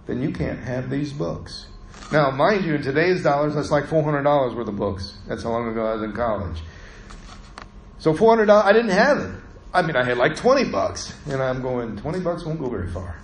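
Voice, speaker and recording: A man's voice: on the high side, big pitch swings, brisk, roomy sound, a little hiss or hum, low-quality recording. A middle-aged man preaching a sermon, telling a personal story in a conversational way and acting out the voices of the people in it.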